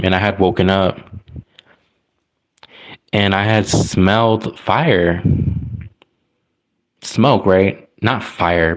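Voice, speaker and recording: A man telling a personal story in casual, rambling talk, full of likes and restarts. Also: low-pitched. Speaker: tarot reader.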